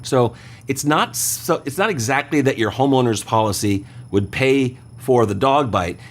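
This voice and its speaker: A man's voice: mid-range voice, a little slow, a little hiss or hum. A man hosting an insurance show, answering listener questions in a conversational, explanatory way and often checking in with the listener.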